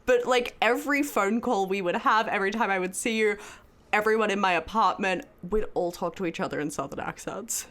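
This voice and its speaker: A young Australian woman co-hosting a podcast, telling stories in a casual, animated way and laughing often. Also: medium pitch, fairly quick. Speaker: podcast co-host. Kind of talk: casual chat.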